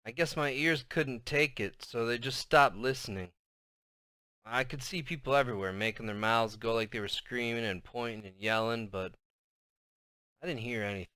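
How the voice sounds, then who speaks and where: A man narrates a novel in the first person, his bright, crisp voice recorded close and dry with no echo. He tells the story expressively at a moderate pace, dropping soft and low as tension builds.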